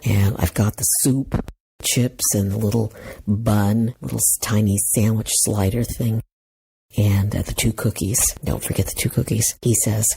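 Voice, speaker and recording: A middle-aged woman telling a personal story as a podcast host, animated and self-mocking, laughing as she talks and acting out what people said. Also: rumbling low, gravelly, slightly rough. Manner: animated, self-mocking, laughs while talking, acts out quotes. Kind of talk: casual storytelling monologue.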